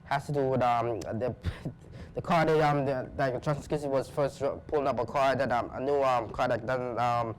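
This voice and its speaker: A man's voice: medium pitch, fairly even intonation, normal speed, a little hiss or hum, rough recording. A young man guesting on a student show, speaking in casual chat full of ums and restarts. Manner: hesitant, filled with ums and restarts. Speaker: guest co-host.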